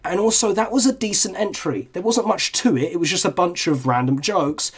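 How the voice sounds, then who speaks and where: A young man talks through his reviews in a loose, candid way, cursing freely as he goes. His voice sits a little higher than most men's. The tone is casual chat, like a long reaction commentary. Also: a little fast, breathy edge. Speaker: video reviewer.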